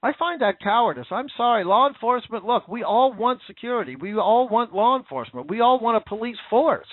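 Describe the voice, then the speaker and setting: Casting: male commentator, high lively voice, angry ranting monologue. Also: a little fast, no room sound. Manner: heated, swearing, sarcastic. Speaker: political commentator. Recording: tinny phone-like sound.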